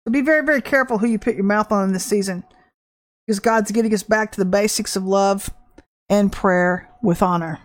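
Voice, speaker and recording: A woman delivering a fervent prophetic sermon, emphatic and shifting between drawn-out and rushed phrases. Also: medium pitch. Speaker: prophetic preacher.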